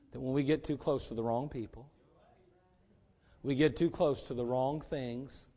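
A man's voice: a little high, dark tone. A middle-aged man, a pastor, preaching emphatically and telling a story. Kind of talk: sermon.

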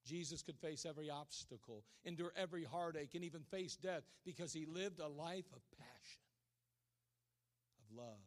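A preacher with a high-pitched male voice delivers a sermon as a dramatic story. He drops to a hush for the key lines and then climbs back up to near-shouting. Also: normal speed.

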